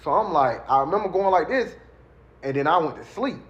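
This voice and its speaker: A man's voice: a little high, animated, brisk, fairly bright tone, husky, dull audio. A man telling his own story in casual street slang, rambling with many fillers.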